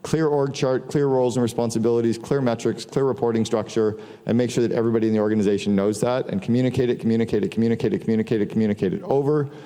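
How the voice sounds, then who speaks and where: A man's voice: medium pitch, fairly even intonation, rapid-fire, hardly any pauses, mellow. A middle-aged man giving a casual, profane business talk to an audience, telling stories with quoted dialogue. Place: large hall before an audience. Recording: long hall reverb.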